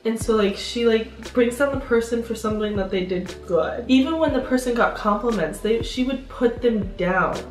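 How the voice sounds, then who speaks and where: A woman's voice: fairly high pitch, moderate pace, hardly any pauses. A teenage girl co-hosting a casual chat, earnest and rambling, with many fillers. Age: teens. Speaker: channel co-host. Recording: roomy sound, mic at a distance, faint music.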